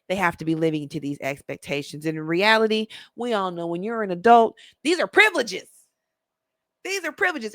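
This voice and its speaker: A woman's voice: mid-range voice, dry recording. A middle-aged woman talking casually to her viewers, chatty, emphatic and a little preachy. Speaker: parenting vlogger. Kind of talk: casual monologue to camera.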